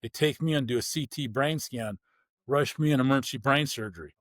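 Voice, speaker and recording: This ex-pro football player, a guest in an interview, brings his story to life by acting out the lines of people in it, talking bluntly and a little fast. His voice is mid-range and the recording dry.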